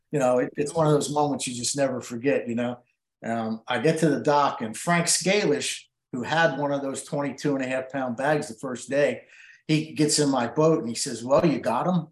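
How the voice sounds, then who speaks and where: A middle-aged man, a tournament angler, telling a long emotional story with many fillers and restarts in an interview. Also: medium pitch. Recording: roomy echo.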